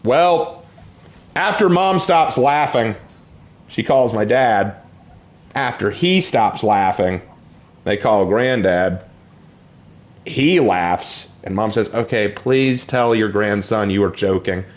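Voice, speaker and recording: A young man casually telling personal stories while playing a game, with excited outbursts. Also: on the low side, takes it slowly, pauses often. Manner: lively, shifts from calm to excited outbursts. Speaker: gaming channel host.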